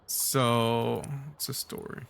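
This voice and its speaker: A man's voice: medium pitch, little pitch movement, slow pace, creaky, a bit bright, slight background noise. A man giving casual, chatty commentary while playing a video game. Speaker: let's play host.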